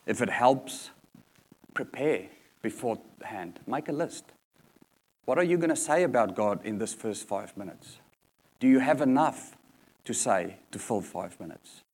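A man's voice: medium pitch, lively intonation, unhurried, a little mellow. Earnest male preacher giving a sermon. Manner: earnest, repeats key points for emphasis.

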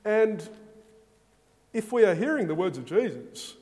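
Slow, emphatic preacher in a reverberant hall. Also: male voice, high voice, very animated, a little mellow. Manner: slow, emphatic, rhetorical questions. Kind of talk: sermon.

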